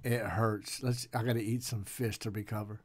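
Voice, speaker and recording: A man's voice: lowish voice, flat delivery, normal speed, background noise. A man casually commenting on a game he is playing, joking around and tossing in pirate growls. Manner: jokey, playful, growls pirate noises. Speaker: gaming channel host.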